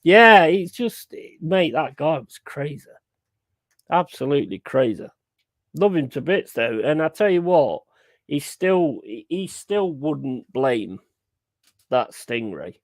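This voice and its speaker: A man's voice: on the high side, big pitch swings, takes it slowly, dry recording. A young man chatting casually on a live stream, blunt and sweary, repeating his points for emphasis. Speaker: streamer hosting a football watchalong.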